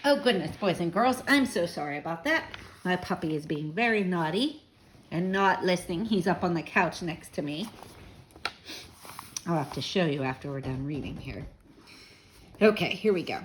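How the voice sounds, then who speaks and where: A woman reading a children's book aloud, gentle and chatty with young listeners. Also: on the low side, lively intonation, normal speed, pauses often, slight background noise. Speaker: children's story reader.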